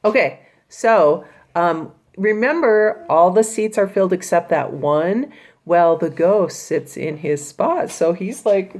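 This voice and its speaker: Low, gravelly-voiced woman teacher. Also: expressive, unhurried, darkish tone. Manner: casual, paraphrasing the characters in everyday speech. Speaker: high school English teacher. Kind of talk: recorded class explanation of a play.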